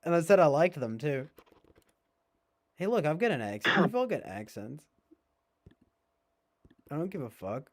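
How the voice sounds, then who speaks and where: A man's voice: a little high, very animated, a little slow, long pauses. A man rambling to his viewers in casual chat, sarcastic, swearing and laughing often. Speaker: streamer.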